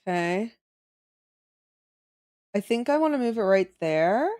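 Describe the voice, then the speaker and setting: A winded woman chats her way through a drawing livestream, thinking aloud as she works. Her pitch rises and falls a lot, which keeps her talk animated. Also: slow pace. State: out of breath. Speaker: streamer drawing emotes. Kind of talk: casual livestream chat.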